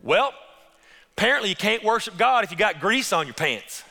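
A man's voice: high voice, animated, fairly quick, sharp tone, in a large hall, voice pushed up. A man voicing a resentful grown man who drums at church, grumbling sarcastically. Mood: sarcastic.

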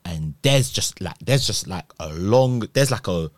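Animated young man telling a story. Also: unhurried, dry recording. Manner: animated, acts out others' voices, shifts pitch high when excited. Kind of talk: casual storytelling chat.

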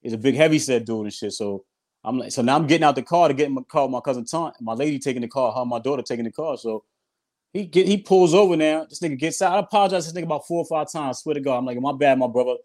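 A man in casual chat, telling personal stories quickly and quoting others. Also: medium pitch, darkish tone. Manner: fast, conversational, quotes others. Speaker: guest, former prisoner.

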